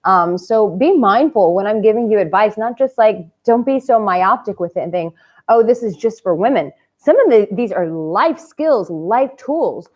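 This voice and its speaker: A woman's voice: medium pitch, animated, moderate pace, hardly any pauses. A woman with a mid-range voice talks straight to her viewers as a dating coach for men. She is passionate, candid and cheeky, and she swears now and then. The recording sounds slightly dull and muffled. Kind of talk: direct-to-camera advice vlog.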